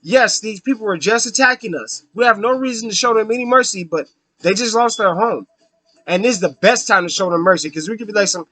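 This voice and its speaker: A man rants through a casual book review in a high, bright, cutting voice. He swears freely and stumbles through fillers as he works out his points. The sound is close and dry, with no room around it. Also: normal speed, no echo. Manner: ranting, profane, with frequent fillers.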